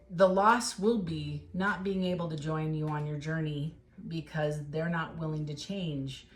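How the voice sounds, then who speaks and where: A woman giving a casual tarot reading, talking straight to the viewer in an encouraging, emotional way. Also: sits low. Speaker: tarot reader.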